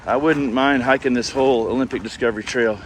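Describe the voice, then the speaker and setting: A man's voice: mid-range voice, fairly even intonation, quick pace, slight background noise. Chatty, rambling man hiking outdoors. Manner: rambling, chatty, talking to the camera. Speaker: hiking vlogger. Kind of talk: casual chat while hiking. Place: outdoors on a coastal trail.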